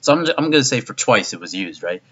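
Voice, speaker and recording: A man's voice: fairly low pitch, big pitch swings, fast talker, fairly bright tone, breathy edge. A man casually reviewing an anime episode, rambling with lots of fillers and swearing. His voice jumps up in disbelief. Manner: rambling and profane, heavy use of "like". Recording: dull lo-fi recording.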